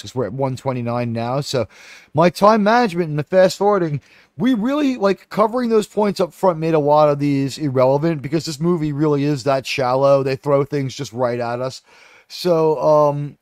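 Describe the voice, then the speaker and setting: A man's voice: a little high, a little mellow, dry recording, clean studio sound. A man giving a casual, rambling film review, profane and full of fillers. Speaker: movie reviewer.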